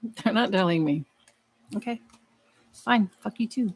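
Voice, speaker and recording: Woman tarot reader, mid-pitched voice, casual, profane, frank, thinking aloud while pulling cards. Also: unhurried, a little hiss or hum. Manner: blunt, profane, talks to the cards and to herself. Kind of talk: live tarot reading, casual chat.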